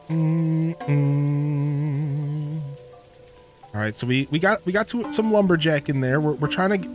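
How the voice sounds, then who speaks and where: Man, gaming streamer; loose, rambling storyteller, mid pitch, soft game music behind. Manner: rambling storyteller, lots of fillers and laughs. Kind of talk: casual gameplay commentary.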